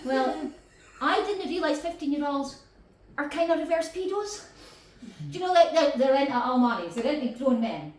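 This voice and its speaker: A woman's voice: high voice, animated, normal speed. A middle-aged woman with a Scottish accent telling a story in off-the-cuff stand-up, brash and full of swearing, acting out the other people. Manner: swears a lot, broad and brash, acts out quotes. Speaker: stand-up comedian. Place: comedy club stage. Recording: roomy live venue, mic from a distance. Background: audience laughing.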